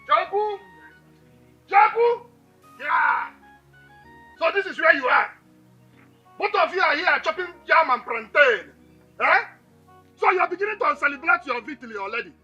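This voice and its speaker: A shouting, taunting hothead. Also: male voice, very high voice, very animated, normal speed, pauses often, muffled recording, soft background music, exaggerated voice. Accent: Nigerian. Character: hot-tempered young man confronting a rival. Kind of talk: Nollywood film acting.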